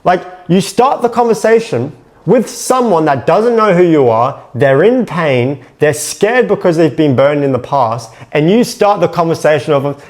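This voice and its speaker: A man's voice: on the high side, animated, unhurried, darkish tone. A man coaching sales in a blunt, profane, emphatic monologue.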